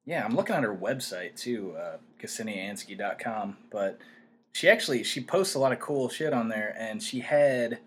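A man's voice: on the low side, expressive, normal speed, a little hiss or hum. A man co-hosting a podcast in casual chat, laid-back and slangy, with a drawling delivery. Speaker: podcast co-host.

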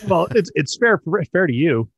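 A man hosting a podcast interview, relaxed and jokey, asking quick follow-up questions. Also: a little high, creaky, slightly rough, no echo, studio quality. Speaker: podcast host interviewing a guest. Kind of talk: casual interview chat.

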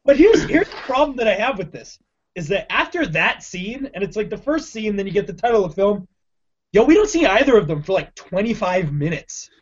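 A man's voice: sits high, very animated, fairly quick, slightly rough. A young man, a podcast co-host, chatting casually and emphatically about a bad movie, laughing often and using slang. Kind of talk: casual movie review chat. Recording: dull lo-fi audio.

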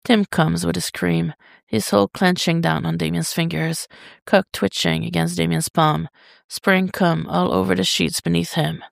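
A reader narrating a fan story as an audiobook, in an intimate, even delivery. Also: mid-range voice, normal speed, gravelly, no room sound, studio quality. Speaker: podfic reader.

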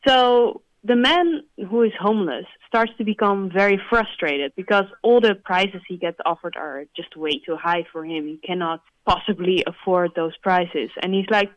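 A woman's voice: lowish voice, moderate pace, hardly any pauses, no room sound, lo-fi sound. A woman co-hosting a language lesson, explaining words in a chatty way with many fillers. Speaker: co-host explaining English. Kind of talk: casual explanation.

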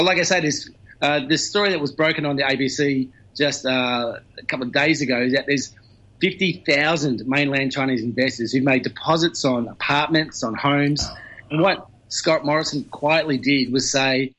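Brief: male news commentator, mid-pitched, talkative, heard over a dull lo-fi remote line. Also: moderate pace, sharp tone. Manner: talkative, explains at length with fillers.

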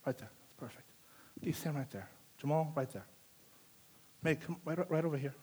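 A man's voice: a little high, normal speed, darkish tone, husky. A man preaching a live sermon in a church service, emphatic, repeating phrases for stress.

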